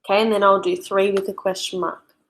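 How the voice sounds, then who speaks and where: A woman's voice: medium pitch, flat delivery, noisy background. Woman teaching young children. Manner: slow and clear, spelling out and explaining for young pupils. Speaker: primary school teacher. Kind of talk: recorded remote lesson for children.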